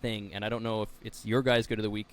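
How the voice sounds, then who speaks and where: A man's voice: fairly low pitch, little pitch movement, fast talker, clear, resonant tone. Wry, blunt man on a podcast. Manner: wry and blunt, swears casually. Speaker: podcast co-host. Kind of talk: casual chat.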